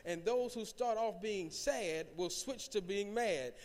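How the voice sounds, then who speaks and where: A man's voice: high-pitched, a little slow. A man preaching a sermon as pastor in a church, calling out to the congregation and building up in volume. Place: church sanctuary. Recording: long hall reverb.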